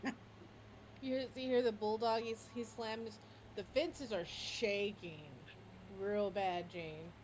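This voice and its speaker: A woman running a tabletop game as game master, narrating in a lively way with frequent restarts. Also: mid-range voice, slow, a little hiss or hum, low-quality recording.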